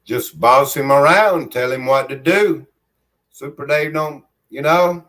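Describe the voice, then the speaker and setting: A man with a Southern country accent chats to his viewers from his home, speaking into a phone he holds in his hand. His pace is unhurried and drawn out, and his voice sits slightly high for a man. He rambles in a friendly way, reads out comments and refers to himself in the third person. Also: a bit bright. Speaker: livestream host. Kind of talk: casual livestream chat, reading viewer comments aloud. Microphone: phone held in hand.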